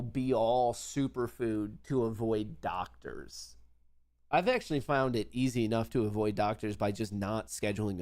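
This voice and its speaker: Male livestream host, young adult, loose profane chatter, mid-pitched voice. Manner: loose, joking, profane, rambling with restarts. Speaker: livestream trading show host. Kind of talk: casual live-stream commentary.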